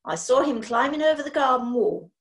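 A woman voicing a brisk, prim young witch who talks in a commanding way. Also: high-pitched, lively intonation. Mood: matter-of-fact.

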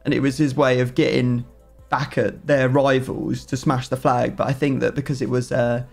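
A man's voice: medium pitch, level tone, moderate pace, vocal fry, darkish tone, soft background music. A man hosting a gaming video, chatting casually and mocking himself with easy banter. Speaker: gaming YouTuber host.

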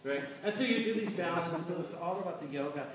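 A middle-aged man tells stories on a panel in a lively, chatty way, often tossing in "right?" His voice sits slightly high and comes from a distance. The sound is a boomy hall with steady noise behind it. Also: fast talker. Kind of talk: storytelling on a panel. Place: large echoey hall at a panel event. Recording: echoey hall from far off, noisy.

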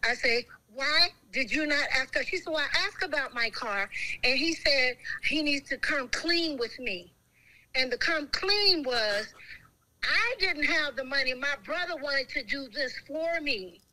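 Middle-aged woman, speakerphone, high bright voice, blunt storyteller, faint noise behind. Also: unhurried, low-quality recording. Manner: blunt, animated, curses freely. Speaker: guest's mother calling in. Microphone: phone on speaker.

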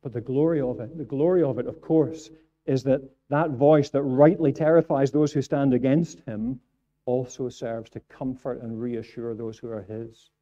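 A man's voice: mid-range voice, fairly even intonation, moderate pace, warm tone, dull audio. A man preaching a sermon in church, earnest and repeating phrases for emphasis. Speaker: pastor.

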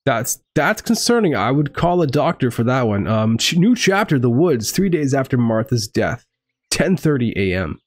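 A young man commentating a horror game live, excitable, swearing and joking to viewers. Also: mid-range voice, normal speed, no echo. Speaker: gaming streamer.

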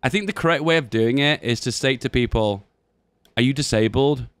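A man's voice: medium pitch, brisk, a bit bright, clear, resonant tone, no room sound. A man rambling and musing aloud in casual chat while commenting on gameplay.

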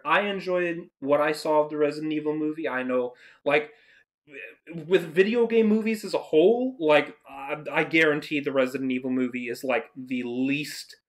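Exasperated vlogger, ranting reaction style, swears, bursts out loud mid-sentence, mid-pitched voice. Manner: reads quotes aloud and interrupts them. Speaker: video commentator.

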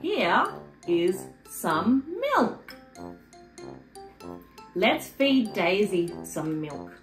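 A woman presenting a video for toddlers in a slow, exaggerated, sing-song way, repeating words for little ones to copy. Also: mid-range voice, big pitch swings. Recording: echoey room with faint music underneath.

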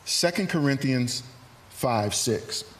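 A man preaching a sermon in a church, earnest and animated, acting out hesitant asides. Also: medium pitch, slow, a little hiss or hum. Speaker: pastor. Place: church sanctuary.

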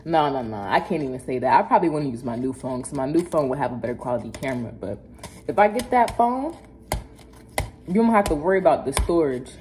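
A woman's voice: very deep voice, lively intonation, fast talker, darkish tone, a little hiss or hum. A young woman with a Philadelphia accent, chatting loosely and with plenty of slang to her viewers in a casual vlog, filmed on a phone held at arm's length. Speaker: vlogger. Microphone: phone camera at arm's length. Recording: music playing clearly under the voice.

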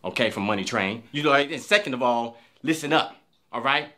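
A man in a comedy sketch, loud, brash and profane, sometimes dropping to low mutters. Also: fairly quick.

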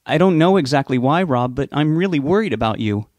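A frightened, tearful mother pleads down the phone line, as a male narrator raises his voice for her. Her voice rides higher than his usual reading, strained and urgent. The recording is close and dry. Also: expressive, fairly quick, a little mellow, no echo. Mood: distressed. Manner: distressed, pleading, near tears. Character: worried tearful middle-aged mother on the phone.

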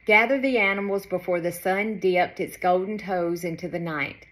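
A woman author reading her children's storybook aloud in an expressive, lilting way. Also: on the low side, moderate pace.

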